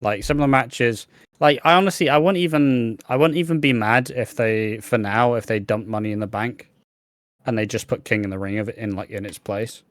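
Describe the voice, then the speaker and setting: A man's voice: mid-range voice, brisk, no room sound. A young man co-hosting a podcast, chatting bluntly about wrestling with lots of slang and swearing. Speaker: podcast co-host. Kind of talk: casual wrestling chat.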